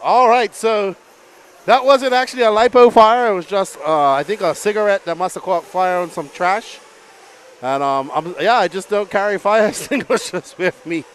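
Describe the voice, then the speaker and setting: A man calling a live RC car race as announcer, excitable and often laughing between calls. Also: high-pitched, normal speed, slight background noise.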